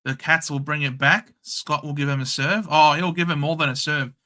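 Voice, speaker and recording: This young Australian man hosts a casual live watchalong like it's his regular show, calling each passage of play with blunt, excitable chatter and hopping between play-by-play and offhand opinion. His slightly high voice is very bright and sharp, pushed forward and tense, at a normal speed.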